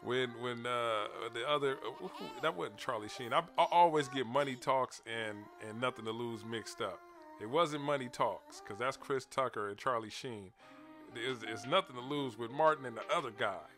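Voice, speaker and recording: A man with hosts a relaxed commentary video, chuckling and circling back over his words as he talks to his viewers. His voice sits in a middle pitch. Faint music plays behind him. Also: moderate pace. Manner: laid-back, laughing, repeats words, addresses viewers directly. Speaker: commentary channel host.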